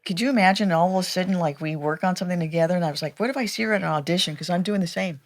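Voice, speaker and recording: Woman cohosting a podcast, kinda low voice, jokey and animated, chatty interviewer. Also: rapid-fire. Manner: animated, laughs often, playful asides. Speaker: podcast co-host. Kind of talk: casual interview chat.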